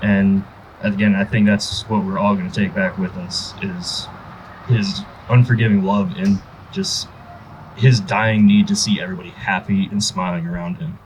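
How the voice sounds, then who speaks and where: A man's voice: on the low side, moderate pace, slight background noise, poor audio. A young man giving a eulogy for his grandfather, telling stories and acting out the quotes with rising energy. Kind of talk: memorial speech, personal stories.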